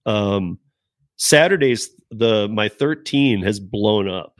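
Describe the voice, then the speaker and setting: A man's voice: lowish voice, lively intonation, slow pace, dry recording, clean studio sound. A man around fifty, a guest on a casual podcast chat, who rambles with lots of "like" and restarts. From Denver area.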